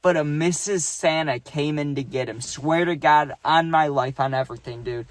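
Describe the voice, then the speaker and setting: A young man tells a workplace story in a rambling, profane storytime manner, checking in with "right?" again and again. His voice sits on the higher side for a man. The sound is dry and close, with no room echo. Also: moderate pace. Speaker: vlogger telling a story. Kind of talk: casual storytime.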